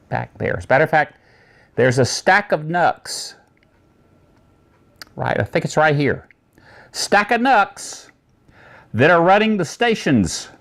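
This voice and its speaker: A man hosting a casual tech news show, talking in a rambling, chatty way with many asides. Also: mid-range voice.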